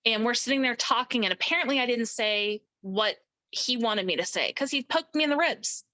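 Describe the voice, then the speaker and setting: A middle-aged woman telling her personal story as an interview guest, animated and acting out the voices of people she quotes. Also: fairly high pitch, moderate pace, rough recording. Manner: animated, acts out quoted speech.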